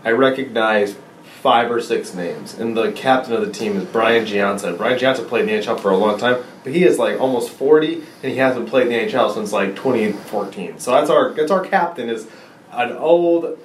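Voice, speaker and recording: A man's voice: mid-range voice, normal speed. A man from the United States chats casually on a podcast, tossing in wry jokes. His voice sits in a middle range and carries a roomy echo, with faint noise behind him. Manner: wry, joking asides. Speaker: podcast guest. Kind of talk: casual chat.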